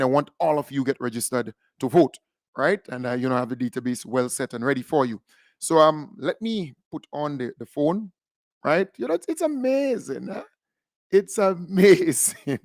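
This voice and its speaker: A middle-aged Grenadian man hosting call-in radio, animated and repetitive, laughing often and swinging between loud and quiet. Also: mid-range voice, no room sound, studio quality. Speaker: radio host.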